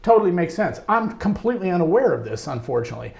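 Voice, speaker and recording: A man being interviewed, telling a long anecdote about his music career in a lively way, laughing often. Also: sits high, rapid-fire, gravelly. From United States. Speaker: interview guest, trombonist. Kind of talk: storytelling in casual interview.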